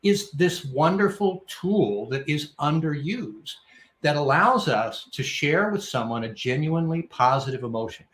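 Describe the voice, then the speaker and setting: Male guest, reflective talker, animated pitch, echoey room on a call. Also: a little slow. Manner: reflective, builds points in lists. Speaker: guest, humor speaker. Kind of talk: casual chat.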